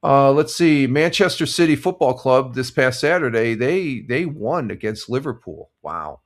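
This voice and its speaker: An older man hosting a casual live stream, chatting in a relaxed, rambling way with lots of fillers and restarts. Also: medium pitch, a little slow. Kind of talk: casual morning chat reading sports scores and viewer comments.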